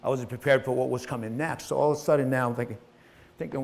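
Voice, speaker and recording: A middle-aged man tells his own life story in a motivational talk, swearing freely and acting out the people in it. His voice is medium-pitched, steady and fast, and he gets emotional.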